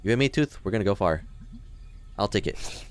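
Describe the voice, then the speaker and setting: Speaking a little fast with a fairly low pitch and lively intonation, a young let's play host from Chicago, in the Midwest, jokes casually as he plays a video game and talks back to its characters.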